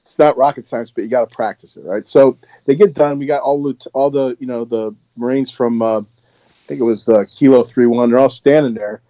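A man's voice: medium pitch, a little fast, no echo, lo-fi sound. A man in his sixties, a former Marine instructor, telling a story in a rambling, casual way with many restarts. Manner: rambling, many restarts, animated when retelling.

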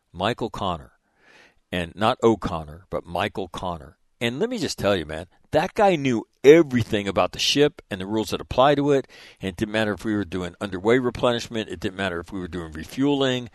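A man's voice: fairly low pitch, no echo, clean studio sound. A man in his sixties, a former Marine officer, telling a war story in a rambling, profane way with frequent "right?" asides. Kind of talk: casual storytelling.

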